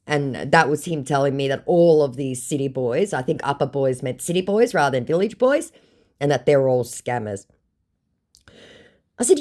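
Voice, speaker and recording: A woman's voice: very deep voice, expressive, moderate pace, mellow. A woman reading out her text chats with a scammer in a sarcastic, mocking tone, firing off dry, withering put-downs.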